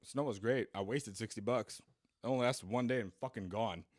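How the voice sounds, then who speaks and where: A man's voice: lowish voice, a little fast. A man co-hosting a casual podcast on a studio mic, blunt, swearing freely and throwing dry jabs. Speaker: podcast co-host. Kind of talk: casual chat.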